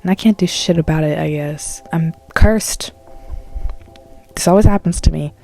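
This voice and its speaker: Young woman musician, late teens, low-pitched and mellow, animated vlog chatter. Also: moderate pace, creaky. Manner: animated, dramatic and candid. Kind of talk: casual vlog talk.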